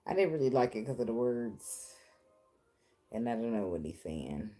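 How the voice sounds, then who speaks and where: A woman's voice: a bass voice, sing-song, moderate pace, warm tone. A woman giving a casual tarot reading, talking bluntly with profane, chatty asides. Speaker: tarot reader.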